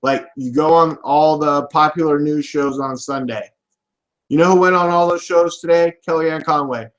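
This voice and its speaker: A man's voice: on the high side, steady tone, normal speed. Ranting, profane man hosting a podcast. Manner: swearing, ranting, jumps to loud shouts. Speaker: host of a political podcast. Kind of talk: live podcast rant.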